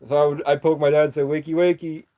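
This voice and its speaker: A man's voice: on the high side, completely flat delivery, very fast. A young man telling a story casually, rambling, swearing freely and backtracking to correct himself. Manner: rambling, profane, jumps back to correct himself. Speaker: vlogger. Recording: dull lo-fi recording.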